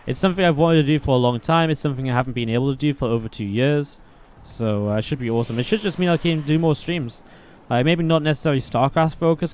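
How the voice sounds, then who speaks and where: Man, game caster, casual stream chat, rambling, swears a lot, filler-heavy, medium pitch, desk mic. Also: a little mellow, slight background noise. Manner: rambling and chatty, swears freely, many "like" fillers.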